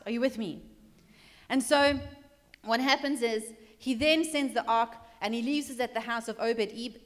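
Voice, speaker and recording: A woman with a fairly high voice preaches to her congregation, retelling the story in a chatty way. She acts out what the characters say and swings between loud passages and hushed ones. Her voice rings through a reverberant church hall. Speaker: pastor. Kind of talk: sermon.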